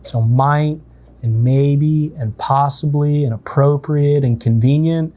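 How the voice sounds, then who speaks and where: A man leading a relaxed, conversational coaching session for a team, often checking in with his listeners. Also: mid-range voice, unhurried. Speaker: sales trainer. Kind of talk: casual in-person coaching session.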